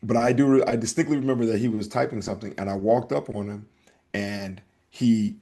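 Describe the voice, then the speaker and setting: A man hosting a casual podcast, telling a story in an animated way and acting out the back-and-forth. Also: lowish voice, a little fast. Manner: animated storytelling, acts out exchanges. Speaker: podcast host.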